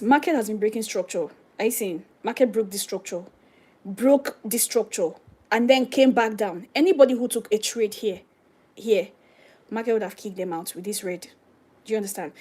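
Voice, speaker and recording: A woman's voice: medium pitch, dark tone, slightly rough. A young woman live-streaming forex trading, explaining charts step by step, often dropping to a near-whisper and asking if viewers understand. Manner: chatty, explains step by step, asks "do you understand?". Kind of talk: live trading screen-share commentary.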